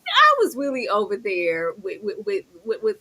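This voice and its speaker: Lively, bright-voiced woman co-host. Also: medium pitch, moderate pace. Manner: animated, exclamatory, talks to the characters as 'girl'. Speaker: co-host of a TV review show. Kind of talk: casual chat.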